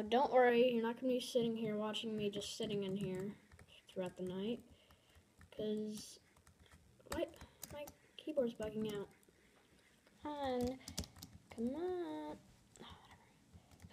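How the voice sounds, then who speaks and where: A woman's voice: a little high, a little slow, pauses often, background noise. A young woman giving casual, dramatic commentary over her own gameplay. She is easily flustered and repeats her exclamations. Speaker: gamer.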